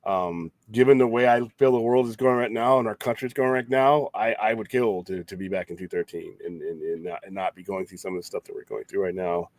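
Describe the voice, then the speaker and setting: A man's voice: lowish voice, brisk, few pauses, darkish tone, dry recording. A man hosting a late-night geek talk show, rambling casually with strong opinions, frequent restarts and some swearing. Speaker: podcast host.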